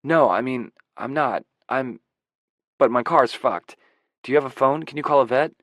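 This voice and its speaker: A man's voice: mid-range voice, moderate pace, a bit bright, no room sound, natural voice. A male narrator voicing a frightened young man who rambles and swears in his dialogue. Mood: anxious. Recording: dry close audiobook recording.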